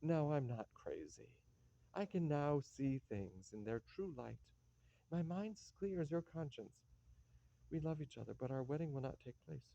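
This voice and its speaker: A man's voice: fairly high pitch, expressive, moderate pace, gravelly, warm tone, dry recording. A man playing a despairing, self-mocking nobleman who rants bitterly, in a play reading. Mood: resolved. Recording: dull lo-fi dry recording.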